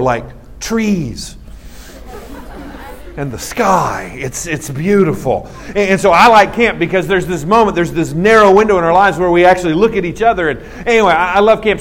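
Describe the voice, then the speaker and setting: Comic storyteller, male, high voice, lively and animated with put-on voices. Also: slight background noise. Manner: animated, acts out voices, laughs at own story. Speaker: comedian telling a story. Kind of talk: stand-up storytelling.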